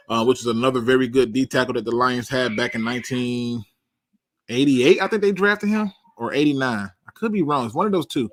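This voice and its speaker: A man hosting a casual sports talk show, animated and laughing at himself. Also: mid-range voice, dry recording. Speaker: podcast host.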